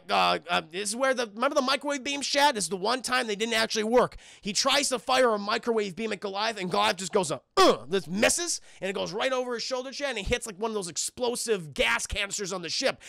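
A man streaming a rambling, profane recap of a cartoon episode to his live chat, often acting out the characters' lines in quick asides. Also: high voice, gravelly, bright, forceful tone, no echo.

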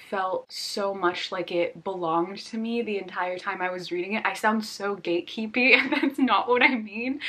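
A woman's voice: medium pitch, a bit bright. A woman in her twenties chatting casually as a book vlogger, gushing and rambling with lots of fillers. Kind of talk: casual chat.

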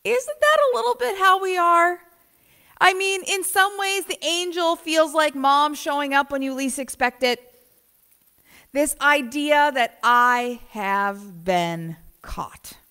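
Woman pastor, bright and slightly high voice, conversational sermon in a church sanctuary. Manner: conversational, animated preaching with emphatic repeats.

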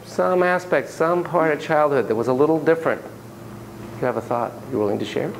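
A man lecturing a class, telling stories in an animated, playful way and acting out sound effects. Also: on the high side, a little fast, gravelly, a little hiss or hum, poor audio.

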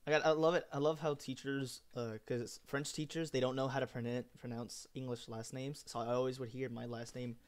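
A man's voice: mid-range voice, level tone, brisk, hardly any pauses. A man chatting casually while playing a game on stream. He swears freely and jumps between stories and the game. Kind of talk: casual chat while gaming.

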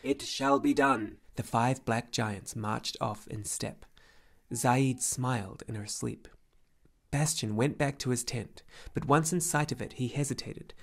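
A man reading a fantasy novel aloud as an audiobook narrator, in an even, measured way. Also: medium pitch, vocal fry. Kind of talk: scripted narration.

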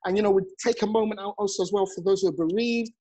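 A man's voice: high-pitched, rapid-fire, dark tone, dull audio. A man in his forties hosting a motivational live chat over a phone, effusive and chuckling often. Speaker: host and network marketing coach.

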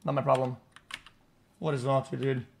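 A man's voice: medium pitch, level tone, brisk, creaky, slight background noise. A man streaming live, ranting at his chat in a blunt, mocking way, swearing freely and restarting his sentences often. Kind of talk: casual rant to chat.

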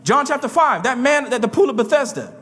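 Preacher, man, high and lively voice, impassioned sermon delivery, church hall reverb. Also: fairly quick. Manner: impassioned, swinging between low murmurs and shouts. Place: church sanctuary.

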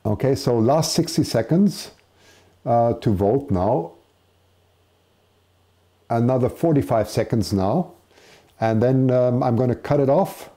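A man hosting a live show in a chatty, self-deprecating way. His pitch moves around a lot, and his tone is very dark and mellow. He sits at a middle pitch and laughs easily between remarks. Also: expressive, slow, long pauses. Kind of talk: live-stream chat announcing poll results.

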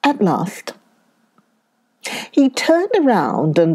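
A woman reading a children's story aloud to young listeners, with expressive, drawn-out narration. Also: mid-range voice.

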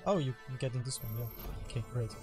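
Casual male gaming commentator, rambling and self-mocking, with clear game music under him. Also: medium pitch, fast talker. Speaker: gameplay commentator. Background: game music and effects.

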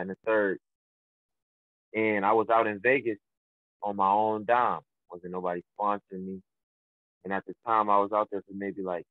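A man's voice: on the low side, dry recording. Young man talking over a tinny phone line. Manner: loose and rambling, many fillers and restarts. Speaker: professional boxer, guest. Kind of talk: casual phone interview.

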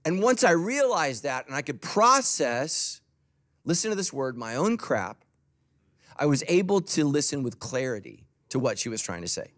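A man's voice: fairly high pitch, sing-song, normal speed, a bit bright. A middle-aged man preaching a sermon as pastor, conversational and joking, acting out quoted voices. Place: church auditorium.

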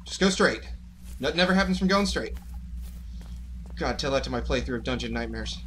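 A man's voice: medium pitch, lively intonation, a little fast, fairly bright tone, slight background noise. A man hosting a horror game playthrough, talking nervously to his viewers in frightened, jittery bursts. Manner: jittery, panicky, talks to viewers. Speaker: gaming channel host. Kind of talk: horror let's play commentary.

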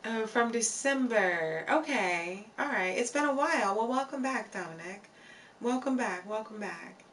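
A woman's voice: on the high side, lively intonation, a little slow, a bit bright, far from the mic, a little hiss or hum. A woman hosting a live stream, chatting casually with viewers in a playful, giggly way, reading their comments aloud and repeating phrases for emphasis.

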